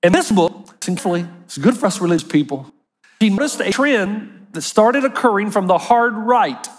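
A man preaching a sermon as a pastor, animated and acting out quoted voices. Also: sits high, normal speed, big-room sound.

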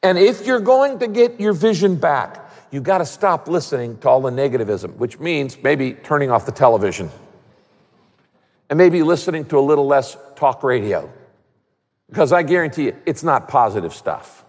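A man preaching a sermon as a pastor, conversational and animated, with humor. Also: fairly high pitch, normal speed, big-room sound.

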